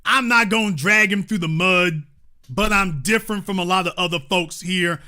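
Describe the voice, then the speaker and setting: A man hosting a commentary show, delivering an animated monologue in a blunt, emphatic, repetitive way. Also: high voice, normal speed.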